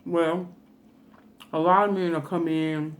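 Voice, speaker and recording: A woman's voice: lowish voice, steady tone, slow pace. A woman food vlogger telling a funny story in a chatty, folksy way while eating, with laughing asides.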